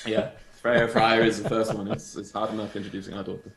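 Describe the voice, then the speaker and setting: Man from England, low-pitched, loose rambling guest chatter over a home video call. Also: flat delivery, a little fast, fairly bright tone, rough recording. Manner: rambling, laughs easily. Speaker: guest musician. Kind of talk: casual chat.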